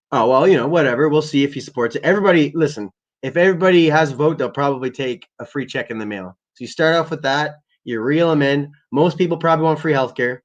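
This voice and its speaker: Young male streamer, loose profane rambling rant, slightly high-pitched voice. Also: fast talker, dull audio. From Canada. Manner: rambling, profane, many fillers. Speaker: livestream host.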